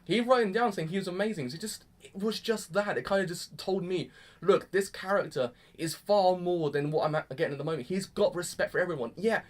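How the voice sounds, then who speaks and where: A young man giving a casual reaction review of an anime episode, gushing and excitable, with mild swearing sprinkled through his talk. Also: high voice, a little fast.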